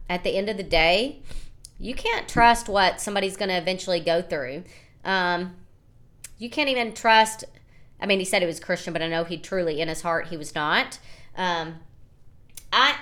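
A woman's voice: mid-range voice, a bit bright. A woman hosting her own podcast, talking candidly and emotionally in a rambling casual monologue full of fillers. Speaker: podcast host and small business owner.

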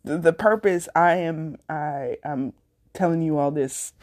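Young woman, low voice, solo podcast host; frank, profane, meandering. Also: measured pace, a little mellow, slight background noise. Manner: candid, profane and rambling. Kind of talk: casual solo podcast monologue.

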